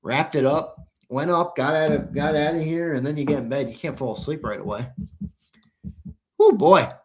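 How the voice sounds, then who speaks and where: A young American man hosts a live fan show in a loose, chatty way, answering viewer comments as they come in. His voice sits a little on the high side. He can flare up into shouting before settling back down. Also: moderate pace. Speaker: host. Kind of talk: live sports talk stream.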